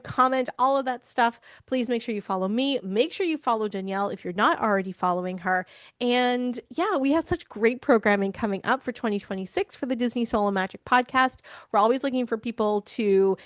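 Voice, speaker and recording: A woman's voice: on the high side, dry recording, studio quality. A woman hosting a podcast, bubbly and laughing often in casual interview talk. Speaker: podcast host.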